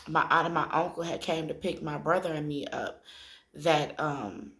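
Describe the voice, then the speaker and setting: Woman, thirties, deep gravelly voice, tearful personal vlog talk, echoey room. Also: fairly bright tone. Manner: conversational, addresses viewers directly, drawn-out filler pauses. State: tearful after crying. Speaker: spiritual vlogger. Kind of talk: emotional personal storytelling.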